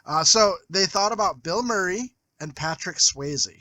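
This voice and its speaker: A man's voice: high-pitched, unhurried, over a noisy crowd. A man co-hosting a podcast, eagerly sharing trivia. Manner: shares trivia, enthusiastic. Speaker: podcast co-host. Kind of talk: casual podcast chat.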